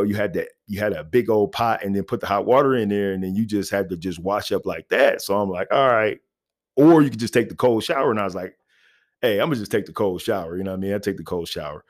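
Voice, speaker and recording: A man's voice: on the low side, fast. A man telling a personal story in a casual, rambling way, full of fillers. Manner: rambling, laid-back, many fillers and "you know what I mean".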